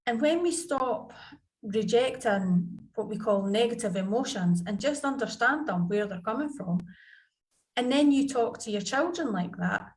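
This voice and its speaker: On a video call, a woman with a slightly high, expressive voice shares parenting stories at a moderate pace. She's a parenting coach appearing as a podcast guest, chatty and anecdotal, acting out family dialogue in a conversational interview.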